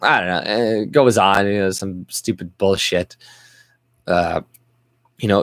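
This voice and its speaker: A man's voice: low-pitched, unhurried, long pauses, fairly bright tone, dry recording. A young Canadian man ranting angrily on his vlog, swearing and restarting his sentences often. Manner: profane, exasperated, rambling with restarts. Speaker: vlogger. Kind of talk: angry political rant.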